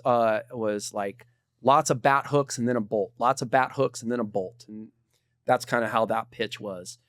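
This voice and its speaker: A middle-aged man, a podcast guest, telling climbing stories in a laid-back, animated way. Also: medium pitch, dry recording, clean studio sound. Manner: animated, laid-back storyteller saying dude. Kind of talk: casual storytelling.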